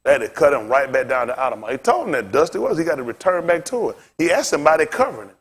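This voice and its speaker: Here a male pastor teaches a Bible lesson in a loose, sermon-like way, his husky voice fairly high, rapid-fire and swinging widely in pitch. Using casual phrasing, he keeps quizzing listeners with rhetorical questions.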